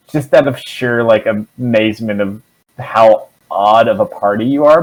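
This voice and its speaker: A man narrating as dungeon master in a relaxed, rambling way, with lots of "um" and "like". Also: medium pitch, low-quality recording. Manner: relaxed, rambling, filler-heavy. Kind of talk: narrating a tabletop game.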